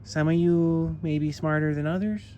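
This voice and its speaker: In a casual garage walkthrough, a man who vlogs about building cars shows off his project, joking and wandering off on tangents as he addresses viewers. His voice is slightly high, warm, and steady at a normal speed, with the high end cut off.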